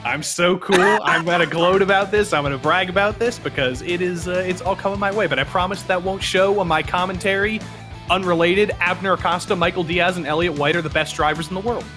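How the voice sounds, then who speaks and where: A man doing live play-by-play commentary for an online racing league, joking and brisk. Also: high-pitched, over music.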